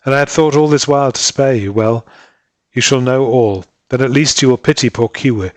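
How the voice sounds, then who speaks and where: A man's voice: medium pitch, a little fast, no room sound, lightly acted. A man reading aloud and voicing a guilt-ridden young island husband who speaks in a subdued, sorrowful way.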